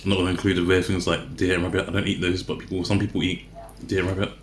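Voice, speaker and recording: A man vlogs while eating, talking to the camera in a casual, rambling, chatty way and often correcting himself mid-sentence. His low voice stays level and rapid-fire in an echoey room with a little hiss or hum.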